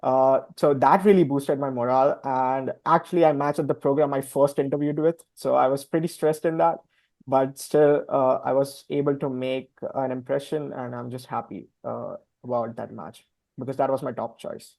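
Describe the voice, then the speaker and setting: A man's voice: mid-range voice, steady tone, normal speed, gravelly, darkish tone, no echo. A young adult man sharing his residency match story in a casual webinar, hesitant with frequent fillers.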